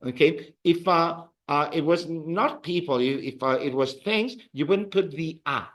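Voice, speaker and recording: A man with a slightly high, somewhat bright voice speaks at an unhurried pace. He's teaching a beginners' Spanish class, patiently repeating words in the classroom so his students can echo them back.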